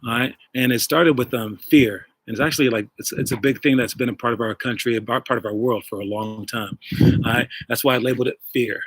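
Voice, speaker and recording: A man's voice: medium pitch, steady tone, brisk, breathy edge, dry recording. A man hosting a casual livestream about basketball, coaching and talking in a rambling way with many fillers, speaking into wireless earbuds. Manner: rambling, filler-heavy, addresses viewers directly. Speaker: basketball coach and show host.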